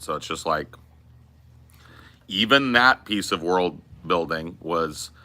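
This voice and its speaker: A man's voice: low voice, sharp tone. A man hosting a podcast, riffing in casual, profane and emphatic chat about movies. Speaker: podcast host.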